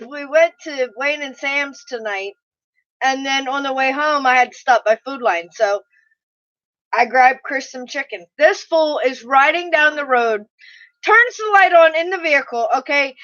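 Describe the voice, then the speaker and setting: High, bright-voiced woman hosting a stream. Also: unhurried, lo-fi sound. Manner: animated, laughing, reads chat aloud. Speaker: live stream host. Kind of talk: casual live stream chat.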